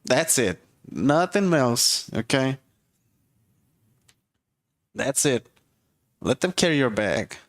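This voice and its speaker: A man's voice: medium pitch, big pitch swings, slow pace, pauses often. A man hosting a casual comedic rant with dating advice, blunt and profane, who keeps driving his points home with "okay?". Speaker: host giving dating and relationship advice.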